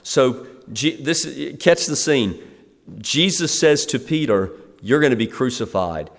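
Brief: middle-aged man, pastor, conversational sermon delivery, mid pitch, long church-hall reverb. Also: a little slow. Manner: conversational, acts out the scene in lively quoted asides. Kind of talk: expository sermon.

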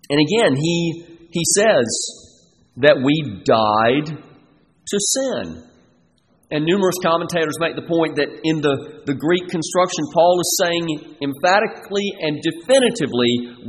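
A man's voice: on the high side, lively intonation. Emphatic male preacher in reverberant hall. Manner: emphatic, measured, with frequent restarts. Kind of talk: expository sermon. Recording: long reverb with faint noise.

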